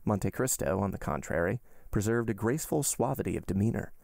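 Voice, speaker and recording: A man, a podcast host, reading a classic novel aloud in measured, even audiobook narration. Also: fairly low pitch, vocal fry, no room sound, studio quality.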